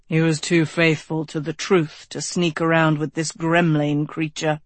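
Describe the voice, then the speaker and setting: An audiobook narrator voicing a calm, blunt, world-weary knight who talks dryly and frankly, a bit lower than the narration. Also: dry recording, lightly acted. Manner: dry, unhurried, frank.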